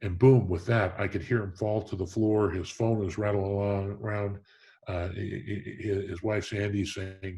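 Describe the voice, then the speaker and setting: A man's voice: fairly low pitch, little pitch movement, normal speed. A middle-aged man, a hall of fame president, tells stories earnestly in an interview, often restarting his sentences. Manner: earnest, warm storytelling with frequent restarts. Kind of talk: storytelling in a conversational interview.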